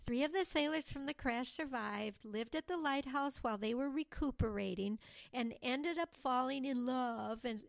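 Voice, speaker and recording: Woman doing gossipy girl, sing-songy, slow and kinda high, dry audiobook sound. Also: creaky, dry recording. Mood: chattering. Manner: sing-song, chattering. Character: gossipy prattling young girl, self-important. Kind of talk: audiobook dialogue reading.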